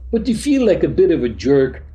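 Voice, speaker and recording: Male teacher, dark mellow tone, blunt slangy delivery, pitched a bit high. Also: huge pitch swings, fairly quick. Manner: blunt streetwise slang, acts out dialogues. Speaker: spiritual teacher. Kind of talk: informal teaching talk to a group. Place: meeting room.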